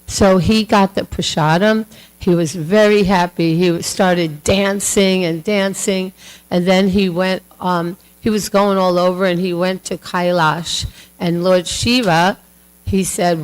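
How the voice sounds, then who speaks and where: A woman's voice: fairly low pitch, steady tone, slow pace, clear, resonant tone, low-quality recording. A woman telling a devotional story to a class in a chatty, casual way with many fillers, acting out the voices. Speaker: class speaker.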